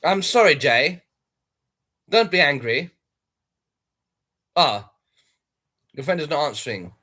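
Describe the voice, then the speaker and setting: Husky high-voiced man chatting on a livestream. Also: very animated, takes it slowly, bright, forceful tone. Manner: chatty, addresses viewers directly. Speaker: livestream host. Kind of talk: casual livestream chat.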